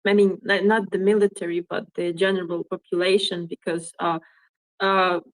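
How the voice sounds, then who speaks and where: A woman from Ukraine speaks in an online audio discussion. She is thoughtful and measured, and often pauses to search for the right words. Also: on the low side, flat delivery, rough recording. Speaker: Twitter Space speaker. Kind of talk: spontaneous discussion. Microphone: online audio room.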